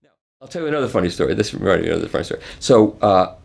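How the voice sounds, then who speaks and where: A man in his seventies telling stories in an interview, animated and chuckling as he acts out other people's lines. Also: low-pitched, rapid-fire, creaky, husky. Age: 70s. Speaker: interview guest. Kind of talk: casual anecdotal storytelling.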